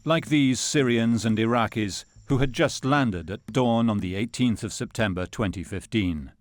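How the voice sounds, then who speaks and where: A man narrating a documentary in a measured, sober scripted delivery. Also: mid-range voice, slight background noise.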